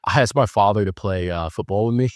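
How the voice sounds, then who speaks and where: A man's voice: on the low side, fairly quick, dry recording, studio quality. A young man hosting a podcast, telling stories in a loose, joking way with lots of fillers. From Wisconsin. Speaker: podcast host. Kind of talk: casual storytelling monologue.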